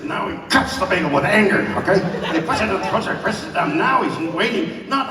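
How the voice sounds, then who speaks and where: A man's voice: a little high, a little fast, few pauses. Older man telling stories in a hall. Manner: animated, acts out the people in his stories. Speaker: guest. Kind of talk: live on-stage storytelling. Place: large indoor event hall. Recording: roomy hall from far off, crowd and noise. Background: audience laughter.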